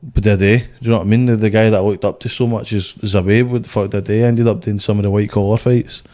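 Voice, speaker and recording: A man's voice: on the low side, steady tone, quick pace, warm tone. A young Scottish man, a boxer, telling stories in a blunt, sweary, rambling way on a casual podcast. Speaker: guest, boxer.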